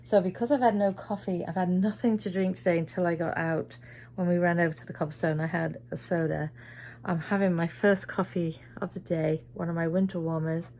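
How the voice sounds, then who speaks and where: A woman's voice: lowish voice, fairly even intonation, fairly quick, mellow, slight background noise. A tired middle-aged woman from Britain, chatting through her day in a casual vlog and acting out what people said. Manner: chatty storyteller, acts out quoted voices. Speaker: vlogger.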